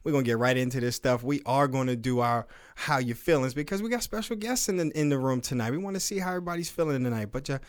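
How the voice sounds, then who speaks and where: A man's voice: medium pitch, quick pace, few pauses, clean tone. A man hosting a casual podcast, hyped and slangy, laughing often as he chats with guests. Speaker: podcast host.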